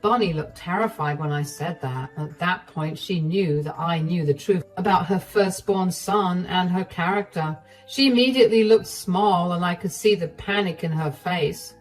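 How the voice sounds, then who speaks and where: A woman narrating a first-person story in a steady, matter-of-fact way. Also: lowish voice, normal speed, few pauses. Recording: distant voice, faint music.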